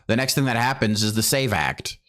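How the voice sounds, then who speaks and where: A man's voice: fairly low pitch, lively intonation, brisk, a bit bright. A man in casual conversation, explaining his views earnestly with some indignation. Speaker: streamer. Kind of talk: casual chat.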